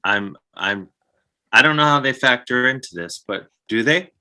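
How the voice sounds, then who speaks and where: A man's voice: mid-range voice, lively intonation, moderate pace, bright, forceful tone. A male talk show host who chats with his guests and reads out viewer questions. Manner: chatty, reacts with short interjections and reads viewer questions.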